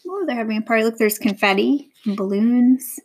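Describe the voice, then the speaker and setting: A woman reading a picture book aloud to a young child, gentle and warm, stopping to ask the child questions. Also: fairly high pitch, fairly quick, husky, rough recording.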